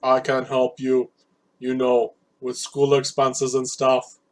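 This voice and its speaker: Ein Mann spricht einen freundlichen jungen Musiker in einem Visual Novel, leise, langsam und ernst. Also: male voice, medium pitch, completely flat delivery, slow pace, voice pushed down, natural voice. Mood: caring. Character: kind young male musician, gentle.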